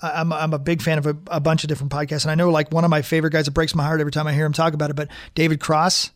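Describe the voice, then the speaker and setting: A male radio host chatting casually and quickly, with lots of fillers and restarts. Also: a little high, dry recording, clean studio sound. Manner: fast, animated talker with many fillers and restarts. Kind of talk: casual chat.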